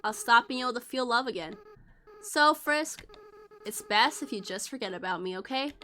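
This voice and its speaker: A woman's voice: fairly high pitch, expressive, moderate pace, bright, forceful tone. Woman reading as a remorseful young goat-monster boy. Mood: tender farewell. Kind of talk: reading game dialogue aloud.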